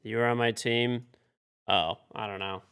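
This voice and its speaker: A man's voice: on the low side, steady tone, a little slow, a bit bright, smooth. A man streaming a video game live, frustrated and swearing as he mutters to himself and talks to teammates. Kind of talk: live-stream commentary while playing.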